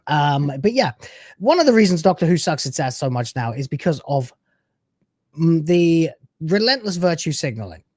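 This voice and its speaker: A man's voice: on the high side, very animated, moderate pace, darkish tone, no echo, studio quality. A man hosting a live stream, chatting casually with brash, sarcastic, crude banter.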